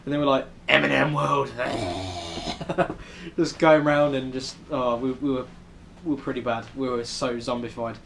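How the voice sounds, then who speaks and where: A man's voice: medium pitch, little pitch movement, brisk, hardly any pauses, slight background noise. A young man with a British accent, chatting casually in a travel vlog with lots of ums. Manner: chatty, many ums, rambling. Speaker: vlogger. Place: hotel room in New York City.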